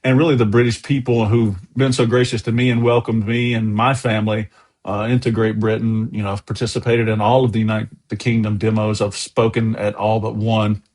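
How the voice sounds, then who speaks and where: A man's voice: lowish voice, level tone, brisk, a little mellow. An American man, a guest on an interview show, telling long enthusiastic anecdotes in a casual, chatty way. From USA.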